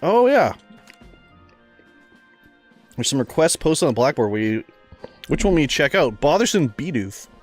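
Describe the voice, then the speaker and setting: A man's voice: fairly high pitch, sing-song, unhurried, pauses often, soft background music. A man streaming a game in casual chat, rambling through stories, laughing often and reading game lines aloud.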